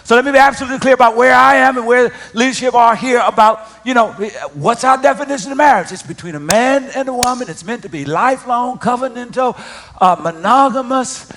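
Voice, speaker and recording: Pastor guy preaching, really high pitched, repeats himself, goes quiet then loud. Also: fairly quick, slight background noise. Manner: emphatic, repeats and restarts, swings from quiet to loud. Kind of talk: sermon.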